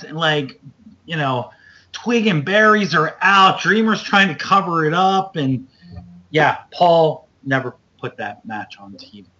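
A man tells stories on his podcast in a rambling, animated way, jumping up in pitch whenever he acts out what someone said. His voice sits a little high for a man. The recording is dull and lo-fi. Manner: animated, loose storyteller, acts out quotes with big jumps up in pitch. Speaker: podcast host. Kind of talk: casual storytelling chat.

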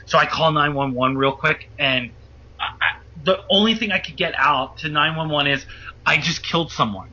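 A man telling a wild story as a guest, animated and profane, acting out the voices of the people in it. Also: a little high, moderate pace. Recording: muffled lo-fi audio.

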